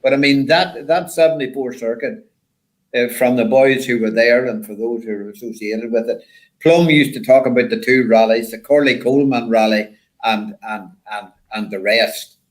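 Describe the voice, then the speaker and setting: An older man, a former rally driver, telling stories in a rambling, animated way with lots of repeated words. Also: medium pitch, normal speed, rough recording. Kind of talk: casual storytelling chat.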